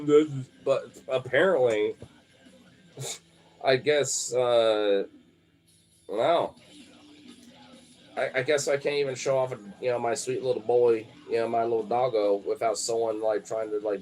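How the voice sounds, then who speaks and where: A man's voice: mid-range voice, a little slow, darkish tone. A young man chatting casually on a live stream, rambling with lots of fillers, frequent swearing and laughter.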